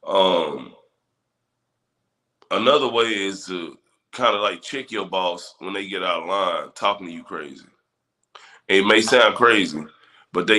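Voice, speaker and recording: A man hosting a casual livestream, giving advice and answering chat viewers in a relaxed, conversational way. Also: deep voice. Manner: laid-back, talks straight to chat viewers. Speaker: livestream host.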